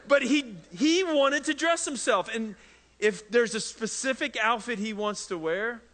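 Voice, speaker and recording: A man's voice: extremely high pitch, sharp tone, in a large hall, a little hiss or hum. A man in his thirties preaching a sermon in a church, telling stories in a conversational way and acting out his young son and himself. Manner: conversational storytelling, mimics his toddler and himself. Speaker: pastor. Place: church sanctuary.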